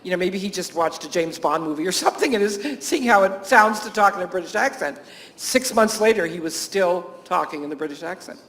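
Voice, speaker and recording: High-voiced man telling chatty anecdotes. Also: expressive, fairly quick, a bit bright. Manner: anecdotal, chuckling often, many fillers and restarts. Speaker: teacher and camp staff speaker. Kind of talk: conference talk to health professionals.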